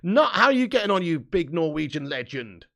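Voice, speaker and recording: A man's voice: on the high side, sing-song, a little fast, vocal fry, fairly bright tone. An English man hosting a live football watch-along, bantering with his chat, laughing often and reading comments aloud. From England. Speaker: live stream host.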